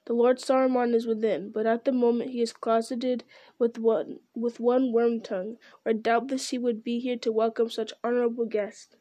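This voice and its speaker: A woman's voice: on the high side, level tone, moderate pace, warm tone, no room sound, natural voice. A woman reading a courteous young male hobbit, politely formal and mock-grave. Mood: formal welcome.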